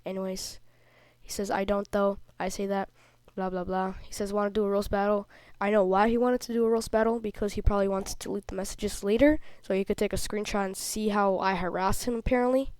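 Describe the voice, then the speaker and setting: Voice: mid-range voice, level tone, brisk, darkish tone, clean tone, dry recording. A young kid, not yet through puberty, telling a rambling, indignant story in a casual vlog while a little sick. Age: child, before puberty. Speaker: video creator. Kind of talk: casual vlog commentary over screenshots.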